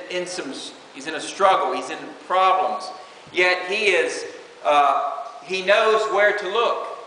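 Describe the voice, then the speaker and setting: A man's voice: a little high, bright, forceful tone. A man preaching an informal sermon, reading scripture and talking conversationally with many "you know"s. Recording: echoey hall with faint hiss.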